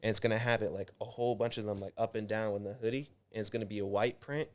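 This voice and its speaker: A man in his twenties, a clothing designer appearing as a podcast guest, has a lowish voice with a steady tone and talks fast. He chats casually, laid-back and rambling, with lots of fillers.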